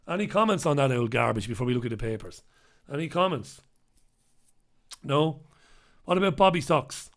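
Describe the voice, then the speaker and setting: A man's voice: mid-range voice, creaky. A man with a British accent hosting a live stream, chatting casually and rambling as he reads viewer comments aloud. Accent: British English. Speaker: host.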